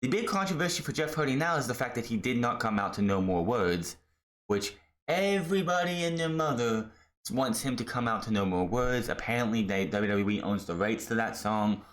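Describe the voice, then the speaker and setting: A man's voice: medium pitch, animated, fairly quick, a bit bright. A man giving a blunt, exasperated casual review of a wrestling show, rambling with restarts. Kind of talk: casual solo commentary.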